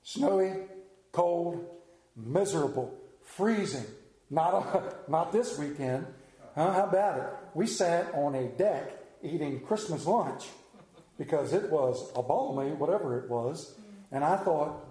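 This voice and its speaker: A man preaches a sermon in a church hall, telling his stories with lively energy and putting on voices for the characters. His voice sits fairly high for a man. The sound rings around an echoey room. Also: slow pace. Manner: animated storyteller, acts out voices. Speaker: pastor. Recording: roomy echoing hall.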